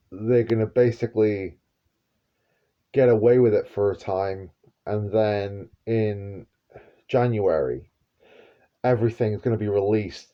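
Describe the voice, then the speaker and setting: A man's voice: fairly low pitch, dull audio. A man giving a rambling prophetic monologue as an online preacher, repeating himself and chuckling with half-sarcastic asides.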